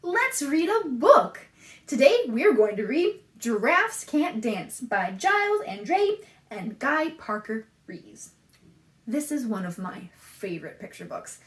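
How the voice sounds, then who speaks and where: A woman leading a children's storytime, reading aloud, singing and laughing often in a bright, sing-song way. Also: sits high, very animated, takes it slowly. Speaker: children's librarian. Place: library room. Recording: echoey room, somewhat far from the mic.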